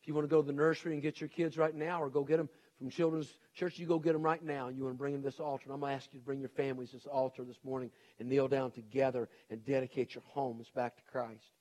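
A man's voice: mid-range voice, flat delivery, fast, few pauses, darkish tone. A middle-aged man preaching a sermon as pastor, earnest and pleading, with repeated urgent appeals to his congregation.

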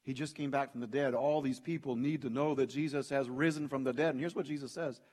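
A pastor preaching a sermon in an emphatic, conversational way, often addressing the congregation directly. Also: male voice, medium pitch, fairly even intonation, a little fast, a little mellow. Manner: conversational preaching, emphatic, frequent "hey" and "you know".

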